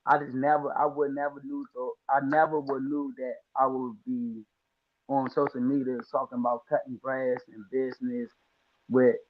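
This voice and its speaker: A man's voice: medium pitch, level tone, moderate pace, phone-quality sound. A man from the Washington, D.C. area, a lawn care business owner telling his story as a podcast guest, casual and slangy, acting out quotes.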